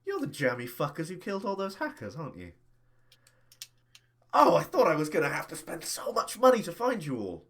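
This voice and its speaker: A man's voice: fairly high pitch, huge pitch swings, fast, hardly any pauses, a bit bright, voice pushed up. A man playing Dominic Harper, a smug woman crime boss. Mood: sly. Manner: gushing, mocking and theatrical.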